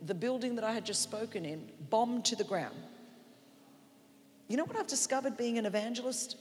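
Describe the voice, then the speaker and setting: A woman evangelist with an Australian accent preaching a sermon in church, moving from quiet reflection to shouted, emphatic declarations. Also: medium pitch, in a large hall, slight background noise. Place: large church hall.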